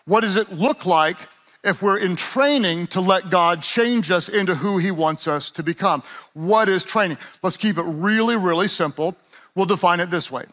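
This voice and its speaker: A middle-aged male pastor preaching in a bright, ringing voice that sits high for a man. He leans hard on repeated phrases and slips into quick, mumbling asides when acting out a story. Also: lively intonation. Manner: emphatic, repeats key phrases, acts out lazy runner in mumbled voice. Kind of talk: sermon.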